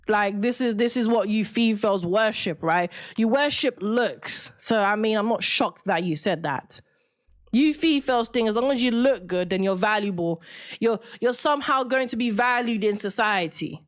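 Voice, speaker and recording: A woman's voice: on the high side, fairly bright tone. A woman hosting a live-stream debate, talking in a combative, mocking, lecturing way to her viewers. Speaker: livestream debate host. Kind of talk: confrontational live-stream rant.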